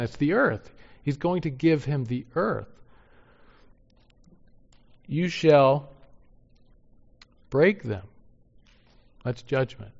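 Emphatic preacher man in a hall. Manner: emphatic, rising to loud pitched peaks on key points. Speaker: pastor. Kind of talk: sermon. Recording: muffled sound in a reverberant hall.

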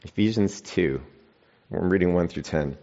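Male pastor, lowish voice, emphatic preaching with casual asides; muffled lo-fi recording. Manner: emphatic scripture reading with long pauses and sudden quiet stresses; conversational asides to the congregation. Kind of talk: sermon. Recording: dull lo-fi sound.

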